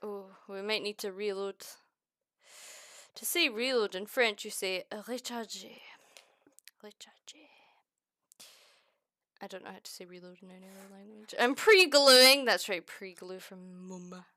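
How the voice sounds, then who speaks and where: Young Scottish woman streamer, crisp and bright, dry close mic, excitable and sweary. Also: medium pitch, moderate pace, no echo. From Scotland. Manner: excitable, exclaiming and swearing often. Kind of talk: casual crafting chat.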